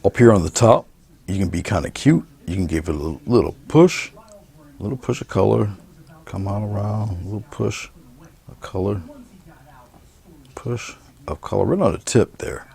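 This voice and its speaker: A man giving a painting demonstration, talking through each brushstroke in a relaxed, murmured way. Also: fairly low pitch, moderate pace, gravelly, pauses often, slightly rough. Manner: relaxed, murmured step-by-step commentary while painting. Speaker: painting instructor.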